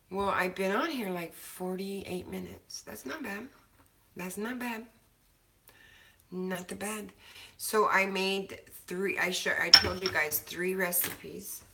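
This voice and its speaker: Casting: talkative woman co-host, low pitch, crisp bright edge, casual and swearing. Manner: chatty, swears casually, laughs often. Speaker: co-host of a cannabis show. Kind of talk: casual chat. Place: home kitchen.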